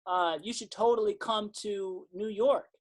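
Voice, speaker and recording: Animated man telling stories. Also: high-pitched, measured pace. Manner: animated storyteller, acts out quotes, swears casually. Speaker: podcast guest, singer-songwriter. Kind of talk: casual storytelling interview.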